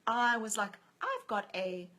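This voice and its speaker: With huge pitch swings in a voice on the high side, this author guest tells stories in a conversational interview and acts out the voices she quotes. Her tone is sharp and her pace measured, captured on a low-quality recording.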